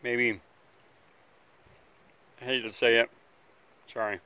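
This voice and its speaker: A man hosting a casual outdoor survival vlog, talking in a relaxed, rambling way by a campfire, sometimes chewing as he speaks. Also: mid-range voice, moderate pace, clean tone. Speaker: outdoor survival channel host.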